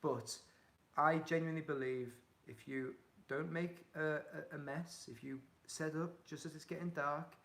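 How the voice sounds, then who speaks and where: Gravelly chatty Hull man. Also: on the high side, steady tone, unhurried, a bit bright. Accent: Yorkshire, Hull. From England. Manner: chatty, reads out viewer comments, upbeat and encouraging. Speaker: touring cyclist answering live chat. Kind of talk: casual livestream chat.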